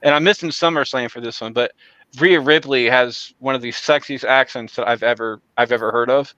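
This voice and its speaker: A man's voice: medium pitch, fairly even intonation, a little fast, bright, forceful tone, dry recording, dull audio. A man hosting a podcast, rambling in casual chat with many fillers and restarts. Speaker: podcast host.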